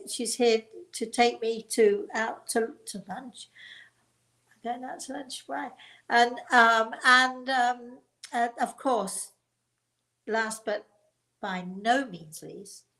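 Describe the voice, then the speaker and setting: An older woman hosting a live show as a psychic medium, talking in a chatty, encouraging and self-deprecating way with a hoarse voice that is still recovering. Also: a little high, a bit bright, rough recording. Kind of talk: live online call-in talk.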